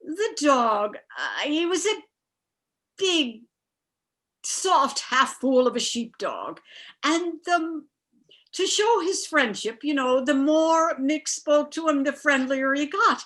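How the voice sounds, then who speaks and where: A woman with a high, bright voice spins a folksy tale in an Irish accent, lively and playful, over a video call. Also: takes it slowly. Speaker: storyteller. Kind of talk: live storytelling performance.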